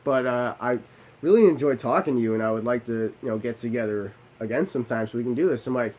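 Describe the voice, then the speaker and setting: A man's voice: medium pitch, fast talker. A young man telling a personal story casually, with blunt swearing and self-mocking asides. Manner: profane, self-deprecating, animated asides.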